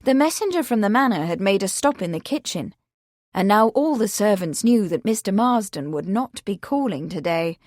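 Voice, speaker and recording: A woman narrates a novel in a measured, even storytelling manner. Her voice sits in a middling range. The studio sound is dry and close, with no room echo. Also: mid-range voice. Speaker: audiobook narrator. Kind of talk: scripted narration.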